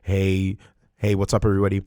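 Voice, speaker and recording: A man's voice: low-pitched, fairly quick. A young man from Canada talking casually into a close studio mic, reviewing microphones with a hyped-up show intro. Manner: energetic, hyped show intro with rising shouts. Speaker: YouTube creator testing microphones. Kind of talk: casual gear review to camera.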